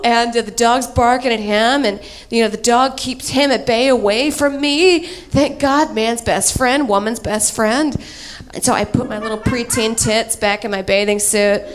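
A woman comedian telling a crude, self-mocking story on stage, animated and laughing at her own jokes. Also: high voice. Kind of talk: stand-up storytelling.

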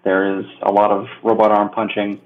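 A man playing in a tabletop game, describing his actions in a flat, matter-of-fact way. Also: on the low side, normal speed, phone-quality sound, a little hiss or hum. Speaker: player. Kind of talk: tabletop game play, casual.

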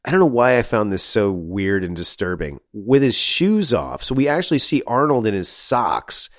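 A man co-hosting a movie review podcast, talking in an animated way, often laughing and saying "like" a lot. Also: mid-range voice, moderate pace, dry recording, clean studio sound. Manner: animated, laughing, heavy use of "like". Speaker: podcast co-host. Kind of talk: casual movie review chat.

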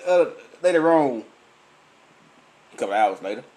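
A man's voice: medium pitch, moderate pace. A man from Memphis, drinking while telling a profane story in a casual monologue, acting out the voices of the people in it. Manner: profane, animated storytelling with acted-out dialogue. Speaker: vlogger.

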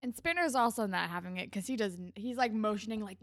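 A woman's voice: medium pitch, a little fast, dry recording, studio quality. A woman co-hosting a casual TV recap podcast, chatty and giggly, acting out characters' lines as she retells scenes. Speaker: podcast co-host.

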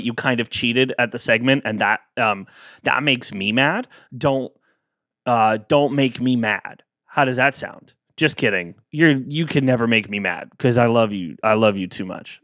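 A man's voice: medium pitch, fairly bright tone, dry recording, clean studio sound. A man hosting a casual solo podcast, chatting playfully and acting out both sides of imagined exchanges.

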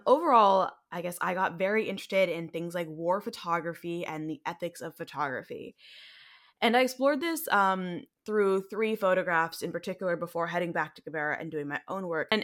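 Low-voiced American woman co-hosting a podcast. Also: fairly bright tone. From United States. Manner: chatty, frequent ums and likes. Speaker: podcast co-host. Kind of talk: conversational podcast discussion.

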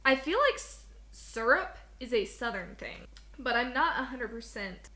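A young woman co-hosts a podcast, chatting casually, giggling, and reading bits of an article aloud. Her voice is fairly high and sing-song, unhurried yet pushed and bright.

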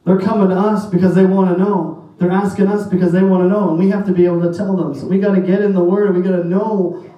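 A pastor's high-pitched voice comes through fast and flat in lo-fi sound. Preaching emphatically in a church sanctuary, he quotes scripture in antiquated phrasing, picked up by a distant mic in a very echoey hall.

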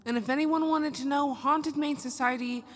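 A woman's voice: high-pitched, steady tone, moderate pace. A woman co-hosting a paranormal podcast, dry and matter-of-fact in casual chat. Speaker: podcast co-host.

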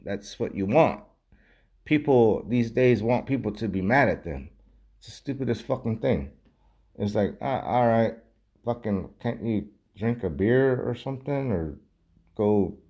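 A man in a loose, rambling rant, cursing at nearly every turn and drifting from point to point. His pitch sits in an ordinary middle range. He sounds relaxed and offhand, with a beer in hand. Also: breathy edge. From United States. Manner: profane, rambling, heavy swearing. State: drinking beer.

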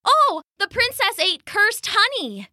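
A woman voicing an earnest, gentle young man in a storybook, exclaiming in a raised, eager voice. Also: very animated, measured pace, no echo, clean studio sound, heavily acted. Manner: eager, exclaiming, pitched up high. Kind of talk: storybook character voice.

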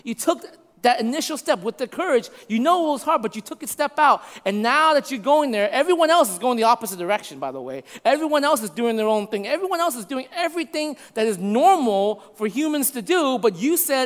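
A man preaching a sermon to a congregation, conversational and checking in with his listeners, dropping to a hush for emphasis. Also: high-pitched, animated, moderate pace. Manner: shifts from loud to hushed for emphasis. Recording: long hall reverb.

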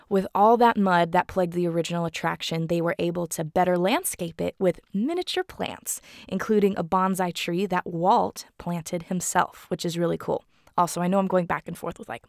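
A woman's voice: on the low side, vocal fry, no echo, studio quality. A woman telling a theme park ride's history in a chatty, casual way, with frequent ums and small laughs. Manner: chatty, giggly, with many ums and uhs. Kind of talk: casual explainer.

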